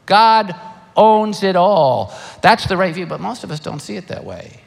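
An older man preaching a sermon, animated and emphatic, firing rhetorical questions. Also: high voice, unhurried, vocal fry. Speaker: pastor. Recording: long hall reverb.

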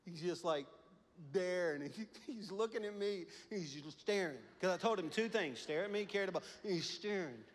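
A male pastor in a church, preaching in a somewhat high voice. He tells stories animatedly, laughing often, swinging between hushed asides and loud exhortation. A long reverb hangs in the room. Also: animated, normal speed. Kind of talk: sermon.

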